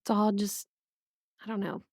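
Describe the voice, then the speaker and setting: A woman's voice: medium pitch, monotone, moderate pace, a little mellow, husky, no echo, clean studio sound. A woman from Northern Virginia co-hosting a podcast in casual, chatty talk, laughing often. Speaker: podcast co-host. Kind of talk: casual chat.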